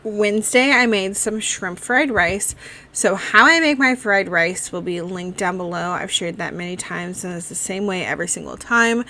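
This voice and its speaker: A woman talks through her week of family dinners in a relaxed, chatty voice-over, moving one step at a time. She drops in the occasional "um" and "like" as she goes. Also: medium pitch, normal speed, slight background noise. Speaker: cooking vlogger. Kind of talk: casual recipe voice-over.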